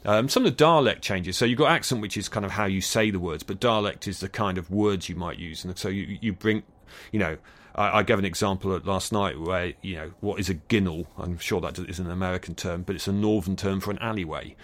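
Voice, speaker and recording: A man's voice: low voice, a little fast, fairly bright tone. A man with an English accent from Bristol, answering interview questions in a studio, thoughtful and hesitant with frequent restarts. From England. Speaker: acoustics scientist guest. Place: recording studio.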